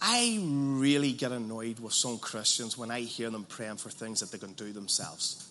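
A man preaching an evangelistic sermon, passionate and blunt, dropping to a hush and then rising loud, with colloquial asides. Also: a little high. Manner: passionate, swings from hushed to loud.

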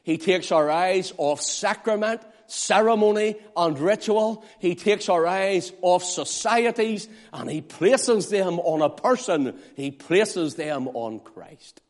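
A man preaching a sermon, swinging between loud, pleading appeals and hushed, quiet asides. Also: high-pitched, lively intonation, slow, hardly any pauses. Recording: long hall reverb.

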